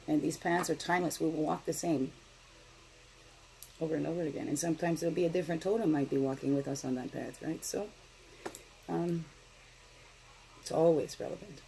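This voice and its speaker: Soft-spoken woman giving a card reading. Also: sits low, steady tone, a little fast, gravelly, long pauses, slight background noise, poor audio. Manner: gentle, meandering, often asks "right?". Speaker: spiritual card reader. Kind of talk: casual daily card reading.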